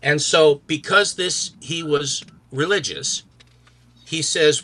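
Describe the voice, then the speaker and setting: Bright-voiced man retelling a story. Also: fairly high pitch, takes it slowly. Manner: acts out characters with accents while retelling. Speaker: podcast guest retelling a comic book. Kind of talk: animated storytelling, reading out dialogue.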